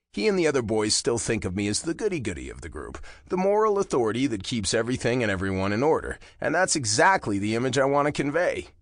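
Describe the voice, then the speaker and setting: A man narrating a romance audiobook in the first person, with a slow, low and intimate delivery. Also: dry recording, clean studio sound.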